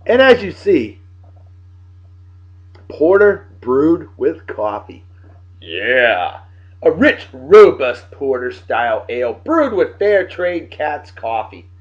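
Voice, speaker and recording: A man's voice: a little high, big pitch swings, takes it slowly. Jokey New man hyping friends. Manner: boisterous, jokey, slangy hype. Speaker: host. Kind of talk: casual video show shout-outs. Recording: dull lo-fi sound with faint music.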